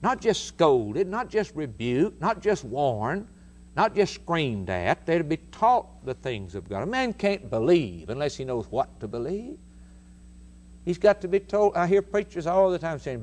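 Emphatic male preacher with a lively voice. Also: a little high, unhurried. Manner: emphatic, repeats phrases for stress. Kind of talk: sermon.

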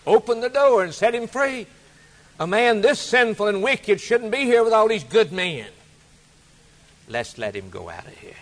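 A man's voice: lowish voice, normal speed, vocal fry, hardly any pauses, a bit bright, slightly rough, pitched below the performer's own voice, full character voice. Commanding old king, firm orders, played by a preacher.

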